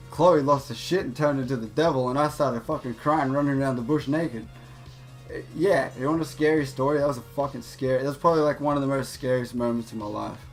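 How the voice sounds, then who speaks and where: Profane young man rambling a story. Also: medium pitch. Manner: rambling, profane, laughing, with many restarts. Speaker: gaming channel host. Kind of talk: casual storytelling over gameplay.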